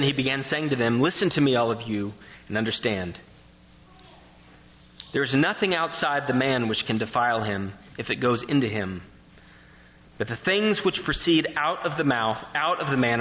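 A man's voice: mid-range voice, moderate pace. Man preaching in a dull, reverberant room. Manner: reads scripture aloud, then asks the listeners questions. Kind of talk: expository sermon with scripture reading.

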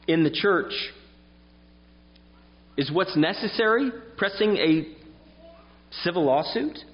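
Male preacher, earnest and explanatory sermon delivery, recorded dull and reverberant in a hall. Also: fairly high pitch.

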